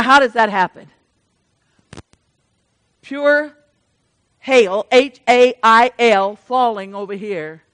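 A middle-aged woman pastor delivers an emotional, storytelling sermon. Her voice sits high and bright, and it drops to near-hushed confidences before rising to fervent proclamations. The sound is close and dry, with almost no room around it. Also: dry recording. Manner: emotional, storytelling preacher who swings from soft to loud.

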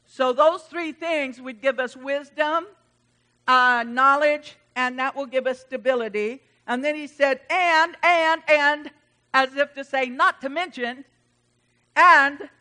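A middle-aged woman pastor delivering an impassioned sermon. Her voice sits high and sounds bright and ringing. She speaks slowly, letting her lines swell loud and then fall quiet. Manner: impassioned preaching, swelling and dropping in volume.

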